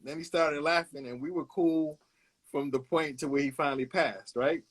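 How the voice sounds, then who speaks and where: A man's voice: a little high, steady tone, moderate pace, breathy edge. Brooklyn guy in his 50s, easygoing, lots of uh's, telling old stories in an interview. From Brooklyn, New York. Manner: laid-back, anecdotal, hesitates with "uh", laughs along. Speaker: guest, illustrator. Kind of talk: casual storytelling interview.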